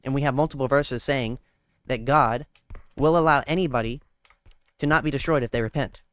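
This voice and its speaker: A man streaming a game while chatting about Christian faith, explaining scripture earnestly and gently cautioning viewers. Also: medium pitch, normal speed, clean tone. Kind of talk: casual faith chat while gaming.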